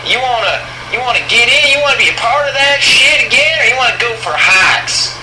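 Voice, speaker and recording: A man's voice: very high voice, lively intonation, fairly quick. A man voicing a brash, crude male football fan calling in to taunt the host. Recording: echoey room with noise.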